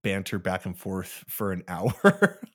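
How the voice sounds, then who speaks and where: A man's voice: deep voice, big pitch swings, takes it slowly, slightly rough. A young adult man co-hosting a podcast in casual chat, laid-back and jokey, laughing often. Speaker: podcast co-host.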